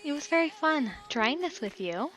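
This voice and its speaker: Wide-eyed, childlike young woman, teasing and sing-song, bright tone, voiced by a woman. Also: sits high, animated, moderate pace, pitched above the performer's own voice. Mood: playful.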